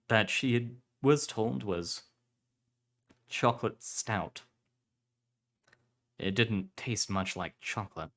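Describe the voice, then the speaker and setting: Guy reading a story out loud on stream, kinda low voice, steady, fixes his slips as he goes.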